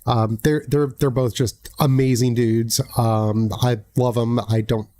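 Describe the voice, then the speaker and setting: American man, live-stream host, blunt, salty language, lots of restarts, everyday middle pitch. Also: level tone, measured pace, warm tone. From United States. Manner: blunt, profane storytelling with many restarts. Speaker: realtor hosting a live Q&A. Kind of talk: casual livestream talk.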